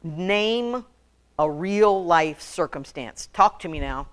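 A woman preaches with humor to a women's group, her pitch swinging lively up and down. She jokes and calls on the audience to answer her questions. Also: slow. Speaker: women's ministry speaker.

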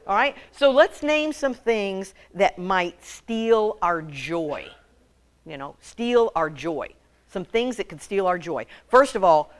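Speaking to a women's group, a women's ministry speaker delivers a humorous sermon in a medium-pitched, animated voice at a slow pace. She jokes and calls on the audience for answers.

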